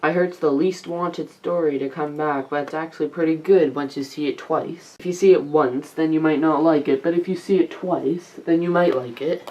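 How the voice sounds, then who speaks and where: A woman's voice: low-pitched, dark tone, lo-fi sound. A teenage girl vlogging at home, reviewing DVDs in a rambling, chatty way with asides to the camera. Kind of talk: casual vlog review.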